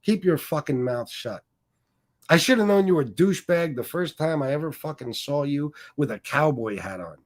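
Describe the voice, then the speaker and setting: A man's voice: on the high side, lively intonation, moderate pace. A man hosting a livestream, ranting combatively and swearing heavily as he taunts his critics. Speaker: livestream host. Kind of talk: profane livestream rant.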